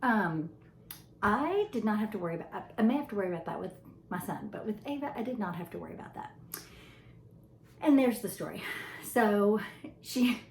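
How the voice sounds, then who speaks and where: A woman's voice: medium pitch, expressive, fairly quick, pauses often, darkish tone. A woman in her forties chatting to camera, rambling and laughing as she tells a story about her kids. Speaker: vlogger and mother. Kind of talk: casual chat to camera. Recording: echoey room with faint noise.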